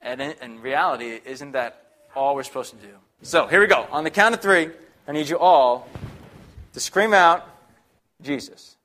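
Young guy preaching, chatty and upbeat, kinda high bright voice. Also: normal speed. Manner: conversational, upbeat, chatty with the congregation. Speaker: guest preacher. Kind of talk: sermon.

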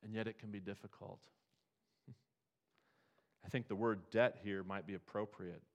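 A man preaching a sermon in a conversational way, asking the congregation rhetorical questions and building to emphatic high points. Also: steady tone, a little slow, lo-fi sound. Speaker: pastor.

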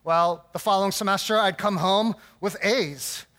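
A man's voice: high voice, normal speed, sharp tone. A man giving a sermon in a conversational, storytelling way, often checking in with the audience with "right?". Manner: conversational, self-deprecating storytelling with frequent "right?" asides. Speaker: pastor.

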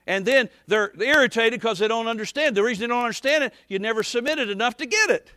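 A man preaching a folksy, rambling sermon as pastor, dropping to soft asides and rising to shouts. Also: very high voice, quick pace, no echo, clean studio sound.

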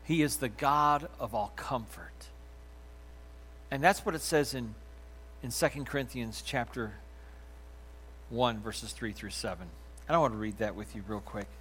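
A pastor giving a sermon in a man's voice of ordinary pitch. He presses key lines out loud and firm, then drops to a hushed near-whisper to let a point land. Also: measured pace, pauses often, slight background noise.

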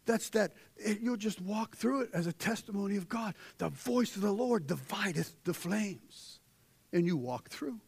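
A middle-aged man preaching a sermon, swinging from shouted peaks down to hushed, almost whispered lines. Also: high-pitched, animated, moderate pace, creaky, slightly rough.

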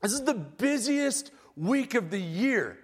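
Animated preacher man in a reverberant hall. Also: very high voice, takes it slowly, breathy edge. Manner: casual storytelling, animated and humorous. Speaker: pastor. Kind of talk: sermon.

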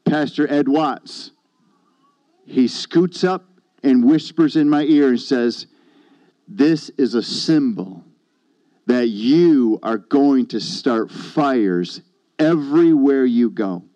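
Preacher, male, warm low-key storyteller, dry muffled recording. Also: lively intonation, slow, no room sound. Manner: storytelling, conversational, quotes others. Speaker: pastor. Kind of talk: sermon testimony.

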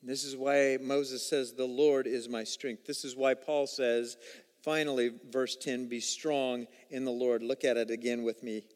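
A male pastor preaching a sermon with energetic delivery and swings from loud to quiet. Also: medium pitch, unhurried. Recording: long reverb of a large hall.

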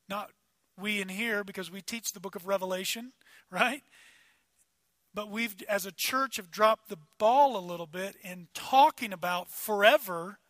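A man preaching a sermon as pastor, talking conversationally and swinging between loud emphasis and quiet asides. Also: high voice, no echo.

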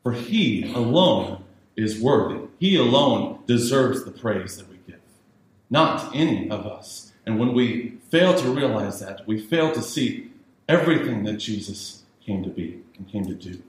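A man's voice: medium pitch, animated, unhurried. A male pastor preaching a sermon with emphatic repetition, building to raised urgency. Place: church sanctuary. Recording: very echoey church with faint hiss.

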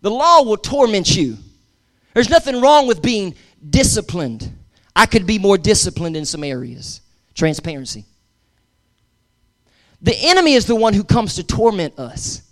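A pastor gives a sermon in a high, fairly bright voice with big pitch swings, speaking a little slowly with long pauses. He is emphatic, repeats words for emphasis, engages his congregation in call-and-response, and adds casual asides.

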